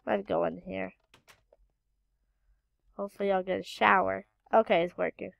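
Slow, gravelly-voiced woman gaming commentator. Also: mid-range voice, expressive, dry recording, studio quality. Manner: muttering to self while searching, frequent exclamations. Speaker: gaming channel host. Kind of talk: casual gameplay commentary.

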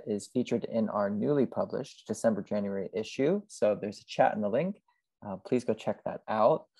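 Low, gravelly host wrapping up. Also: male voice, dark tone, no echo. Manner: halting, with fillers. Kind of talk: closing remarks.

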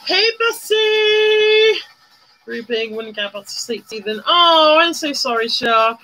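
A woman's voice: a little high, expressive, moderate pace, bright, forceful tone, faint music behind, poor audio. A woman chatting casually on a makeup live stream, greeting viewers by name and bursting into little sung bits. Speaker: livestreamer doing makeup.

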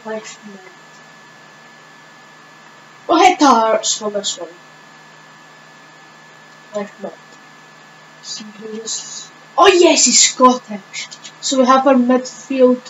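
A woman with a fairly high voice talks through a video game at a very slow, unhurried pace, thinking aloud and hesitating often. The recording sounds dull and lo-fi, with a faint hiss underneath. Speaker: gaming channel host. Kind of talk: casual gameplay commentary.

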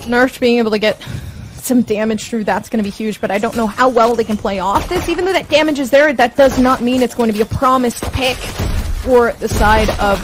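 A woman calls an esports match live in a fairly high voice. She stammers and repeats words as the action moves, and a clear background noise runs under her. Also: fairly quick. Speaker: esports caster. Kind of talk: live play-by-play commentary.

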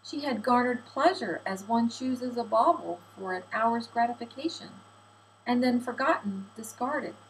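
Woman reading a novel aloud, slightly high voice. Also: expressive, a little slow, slight background noise, low-quality recording. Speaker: audiobook reader. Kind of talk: audiobook narration.

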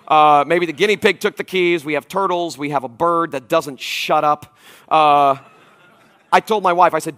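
A man in his forties preaching a conference sermon, telling stories in an animated, emphatic way with frequent asides to the audience. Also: on the high side, moderate pace. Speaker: pastor. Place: church auditorium.

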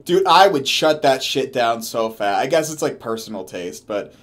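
A man's voice: mid-range voice, lively intonation, normal speed, a bit bright. A man giving comedic commentary on a story he is reading along with, sarcastic and swearing as he mocks it. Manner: sarcastic, swearing, mocking rants. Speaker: commentary host.

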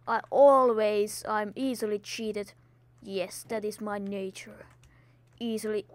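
A woman's voice: medium pitch, flat delivery, slow. A woman hosting a Minecraft let's play in a put-on, theatrical voice, scolding enemies and exclaiming dramatically, in slightly non-native English. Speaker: gaming video host.

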